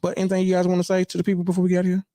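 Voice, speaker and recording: A man's voice: high-pitched, monotone, racing, warm tone, dry recording. A man hosting a podcast, talking loosely in a casual chat with many fillers and restarts. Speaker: podcast host.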